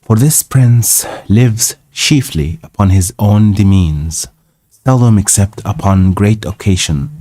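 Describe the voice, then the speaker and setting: A man with a very low voice, a native Arabic speaker, reads an old novel aloud at a slow, deliberate pace. He goes back over phrases and sounds out unfamiliar words. The sound is dry and close, with no room echo. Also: warm tone. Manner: careful, repeats words and sounds out hard ones. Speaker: host of a live English reading stream. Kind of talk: reading a classic novel aloud for practice.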